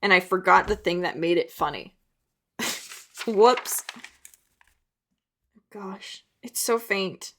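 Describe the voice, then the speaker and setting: Chatty young woman with vocal fry. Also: mid-range voice, slow, long pauses, fairly bright tone, slight background noise. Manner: chatty and rambling, with self-mocking asides. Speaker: artist and video creator. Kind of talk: casual chat.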